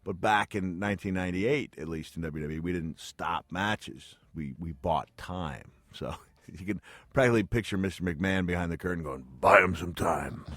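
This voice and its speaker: A man's voice: deep voice, normal speed, dry recording. A middle-aged man telling wrestling stories as a radio interview guest, chatty and self-deprecating, laughing often. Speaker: guest, retired pro wrestler. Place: radio studio. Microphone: studio mic.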